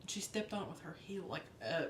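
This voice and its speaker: A woman co-hosting a podcast, telling self-mocking stories in casual chat. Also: quick pace. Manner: animated storyteller, self-mocking. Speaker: podcast co-host. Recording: echoey room, faint rumble.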